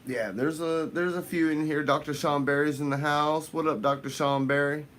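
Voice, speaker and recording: A man hosting a fishing channel livestream, greeting viewers by name in casual chat, his voice jumping up high on the shout-outs. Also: steady tone, normal speed, a little hiss or hum.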